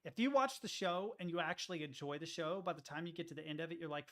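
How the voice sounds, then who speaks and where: A man's voice: fairly high pitch, quick pace. A man streaming, chatting casually and reacting to videos, rambling and swearing as he goes. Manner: profane, rambling, animated.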